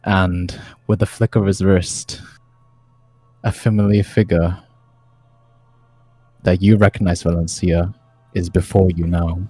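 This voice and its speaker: A man's voice: low voice, little pitch movement, slow pace, pauses often, dark tone, dry recording, soft background music, low-quality recording. A man narrating a tabletop game as game master, hesitant with many fillers.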